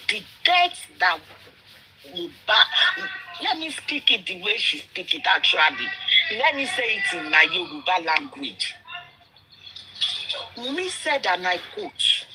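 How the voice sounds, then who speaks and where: A woman with a fairly high voice and a Nigerian accent joins a live audio discussion by remote call, mixing English, Pidgin and Yoruba in passionate, indignant and emphatic commentary. The background is noisy.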